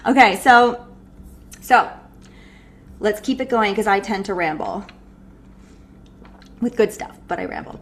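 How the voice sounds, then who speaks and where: A woman breathwork coach giving an animated, casual live online workshop, swearing freely and laughing often. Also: mid-range voice, measured pace, long pauses.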